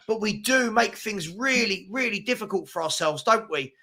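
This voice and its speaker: A man hosting a live stream, chatting casually and reading viewer comments with an excitable, filler-heavy manner. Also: sits high, moderate pace, few pauses. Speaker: livestream host reading chat.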